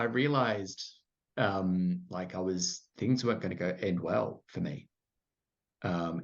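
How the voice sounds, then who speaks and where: Deep and gravelly, this middle-aged Australian man is a podcast guest sharing his story candidly. His talk is full of "like" fillers and self-deprecating remarks, and the sound is muffled and lo-fi.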